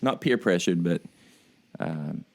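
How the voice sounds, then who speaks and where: A man's voice: low-pitched, animated, slow pace, vocal fry. Sleepy laid-back man co-hosting. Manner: laid-back, rambling, laughs easily. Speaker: podcast co-host. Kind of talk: casual chat.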